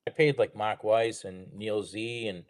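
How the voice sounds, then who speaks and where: Male guest from New England, lowish voice, earnest storyteller, dry recording. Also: fairly even intonation, measured pace, no echo. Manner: earnest, rambling storyteller with restarts. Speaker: guest, drummer and record store owner. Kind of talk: casual interview chat.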